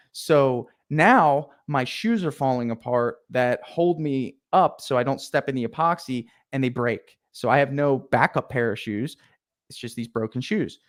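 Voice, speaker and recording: Young male podcast guest, lively storyteller, acts out his own lines. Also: medium pitch. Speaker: podcast guest, painting contractor. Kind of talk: casual storytelling.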